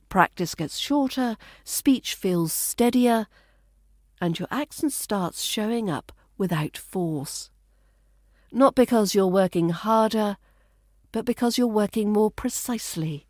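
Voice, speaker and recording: A woman with a British RP accent, giving a calm, measured, scripted podcast lesson as an accent coach. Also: mid-range voice, no echo, clean studio sound.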